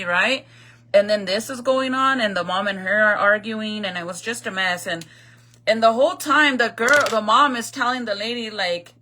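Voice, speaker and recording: A woman gives casual storytime commentary, chatty and blunt, with curse words dropped in freely. Her voice is bright and forceful, at a middling pitch. She talks straight to her viewers as if they were friends. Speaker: vlogger retelling a viral video.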